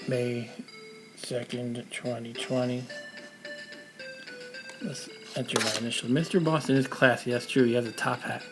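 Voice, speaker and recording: A man's voice: medium pitch, flat delivery, measured pace, pauses often, music in the background, rough recording. A man with a New York accent, casually chatting to a live-stream audience while playing a retro game, thinking aloud as he goes.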